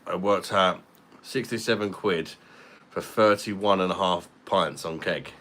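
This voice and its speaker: A man's voice: deep voice, fairly bright tone. A man, chatting casually on a live stream and answering viewers' comments. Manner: laid-back, chatty, reads out viewer comments.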